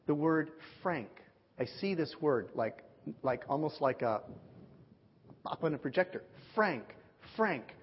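A male pastor tells a story from the pulpit and plays every person in it himself. His voice is a little husky. The sound is dull and lo-fi, with a long echo from a large hall. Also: mid-range voice. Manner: animated storyteller, acts out quoted voices. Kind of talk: sermon storytelling.

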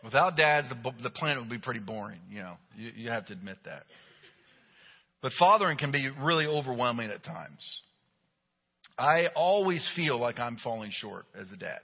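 A middle-aged man, a pastor, delivering a sermon with humorous, animated storytelling. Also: medium pitch, moderate pace, vocal fry, breathy edge. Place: church sanctuary. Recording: dull recording with long hall reverb.

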